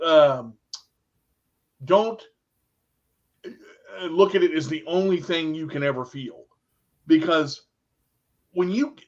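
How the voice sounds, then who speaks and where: A man's voice: sits high, husky. A middle-aged man, a radio host, telling a personal story in casual talk. He is emotional and repeats himself, often restarting his sentences. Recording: dull lo-fi sound.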